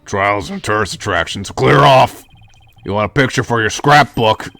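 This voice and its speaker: A man voicing a gruff, dismissive male court guard in a video game playthrough. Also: lowish voice, normal speed, sharp tone, dry recording, pitched below the performer's own voice. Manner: dismissive and blunt.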